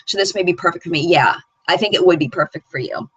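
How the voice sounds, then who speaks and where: A woman's voice: on the low side, fast talker, slightly rough, no echo, muffled recording. A woman hosting a beauty live chat, reading viewer comments aloud and chatting in a rambling way. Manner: chatty and rambling, often laughing. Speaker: beauty channel host.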